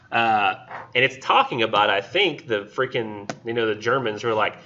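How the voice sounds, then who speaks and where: A man's voice: on the low side, lively intonation, normal speed, sharp tone, a little hiss or hum. A man giving a casual, rambling classroom lecture full of fillers and asides. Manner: rambling, filler-heavy, acts out silly voices. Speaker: college literature instructor. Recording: dull lo-fi classroom recording.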